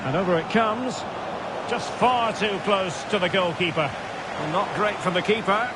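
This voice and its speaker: A man giving scripted football commentary in a video game, brisk short calls that rise at big chances. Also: high voice, natural voice. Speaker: play-by-play commentator. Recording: loud game crowd noise behind.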